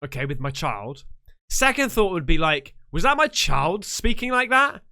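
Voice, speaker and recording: A man comments on a story as he listens, excitable and foul-mouthed, full of chatty asides. His voice sits high and bright. It swings up and down a lot. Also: moderate pace. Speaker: YouTube reactor. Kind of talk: casual reaction commentary.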